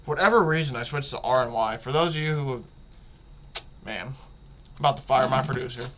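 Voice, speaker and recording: A man with a bright, forceful voice hosts a casual sports podcast. He rambles excitedly, stumbles over his words and corrects himself as he goes. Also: mid-range voice, a little fast, a little hiss or hum. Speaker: podcast host.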